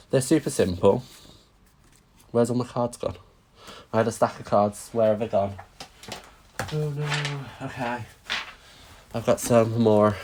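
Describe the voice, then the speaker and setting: A man's voice: lowish voice, a little mellow, a little hiss or hum. A man chatting casually through a live-stream stamping craft demonstration, greeting viewers and making self-deprecating asides.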